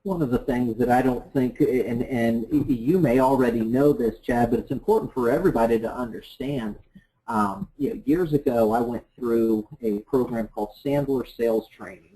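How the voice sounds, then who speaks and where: A man's voice: medium pitch, normal speed, dark tone, rough recording. A man co-hosting a sales training class, chatty and agreeable, adding his own examples. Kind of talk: conversational class discussion.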